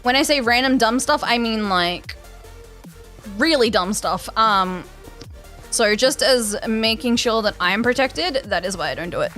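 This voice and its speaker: Chatty Australian woman with a slightly high voice. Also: animated, unhurried, pushed and bright, faint music behind. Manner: chatty, rambling, many fillers and restarts. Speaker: game streamer. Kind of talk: casual chat with live viewers.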